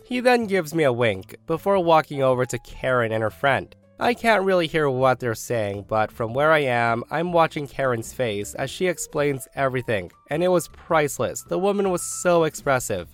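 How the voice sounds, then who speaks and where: A man reading a first-person online story aloud, with wry, animated storytelling. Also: medium pitch, moderate pace, few pauses, soft background music. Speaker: story narrator.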